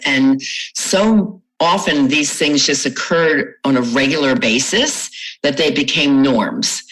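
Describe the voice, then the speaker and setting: A woman's voice: extremely low pitch, a bit bright, rough recording. A middle-aged woman from Florida, a trauma recovery coach, answering interview questions in an explanatory way, telling client stories with light laughs.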